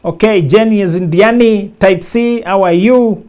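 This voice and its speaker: Male live-stream host with a high voice who greets viewers by name in a casual, chatty way. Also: measured pace, a little mellow. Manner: greets viewers by name one after another.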